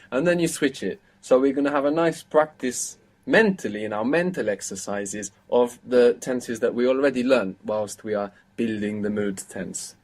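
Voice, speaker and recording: A man's voice: mid-range voice, darkish tone. A man teaching a live online language lesson, patiently explaining grammar and quizzing his students with questions.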